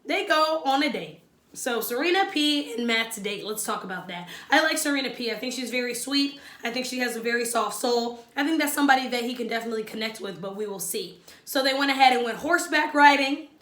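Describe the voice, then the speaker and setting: Woman vlogger, high and bright, sassy, talks right at viewers. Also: lively intonation, a little fast, echoey room. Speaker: reality show recap vlogger. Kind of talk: casual opinionated recap.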